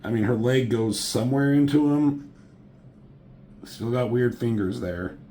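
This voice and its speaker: A man casually reviewing a comic book, sarcastic and profane, mocking the characters with quick impressions. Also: mid-range voice, warm tone, slight background noise.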